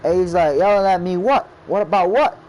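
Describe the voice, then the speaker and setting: A game creator with a high-pitched, slightly mellow voice talks a little fast, rambling casually about making his game. Over a rough recording, he keeps quoting his friends and saying "I was like."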